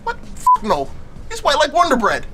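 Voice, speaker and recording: A man playing a deadpan, dry-witted friend. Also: very high voice, moderate pace, full character voice. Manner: dry, matter-of-fact. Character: deadpan young male friend.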